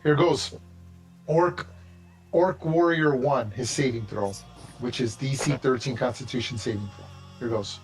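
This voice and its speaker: Man, game master, casual rambling narration, medium pitch, faint background music. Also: measured pace, poor audio.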